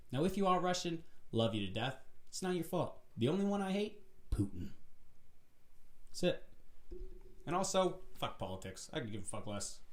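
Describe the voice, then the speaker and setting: A man hosting his own vlog, delivering a profane, animated rant in a casual, preachy way. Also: medium pitch. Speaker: vlog host. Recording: roomy echo.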